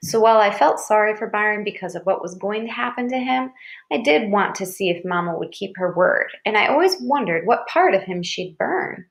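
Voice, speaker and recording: A woman reads a novel aloud at an even, mid-range pitch. Her narration is steady and plain, carrying the story along without fuss. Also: fairly quick, gravelly. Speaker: reader.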